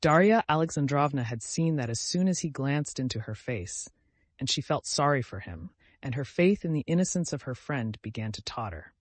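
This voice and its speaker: A male narrator reading a classic novel in an even, measured audiobook style into a close mic. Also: mid-range voice, no echo. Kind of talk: scripted narration.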